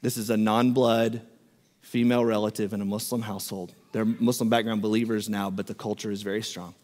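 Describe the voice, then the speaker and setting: A man's voice: lowish voice, brisk, big-room sound. A man preaching a sermon, telling a story and acting out what each person said. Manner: animated storyteller, acts out quoted speech.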